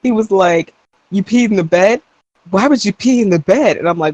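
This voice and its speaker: Young adult woman, podcast co-host, lively storyteller who does the voices of people she quotes. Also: mid-range voice, moderate pace, dry recording, highs cut off. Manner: animated storyteller acting out quotes. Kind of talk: casual chat.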